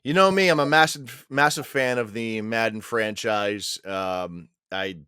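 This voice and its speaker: A man's voice: on the low side, a little slow, sharp tone, smooth, no echo, studio quality. A man co-hosting a movie news podcast, chatting casually and bluntly, swearing freely when annoyed. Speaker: podcast co-host. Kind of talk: casual chat.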